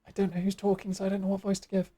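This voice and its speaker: A woman's voice: medium pitch, completely flat delivery, racing, mellow. A woman game streamer chatting casually and making chatty, self-mocking asides while she plays. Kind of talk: casual live-stream chat.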